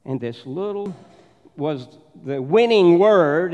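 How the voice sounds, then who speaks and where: This Southern pastor speaks slowly, his voice a little high, a little mellow, and sing-song. He preaches by telling stories and doing the voices of the characters in his anecdotes. The church sanctuary recording is dull and full of long reverb.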